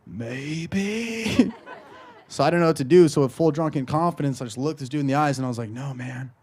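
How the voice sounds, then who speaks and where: A man's voice: fairly high pitch, racing, a little mellow. A young man doing brash, crude stand-up comedy live on stage, often laughing at his own jokes.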